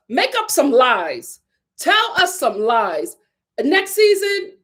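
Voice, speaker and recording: A woman's voice: high voice, big pitch swings, measured pace, a bit bright. A woman giving a sassy, emphatic live review of a reality TV show, often repeating her points for effect.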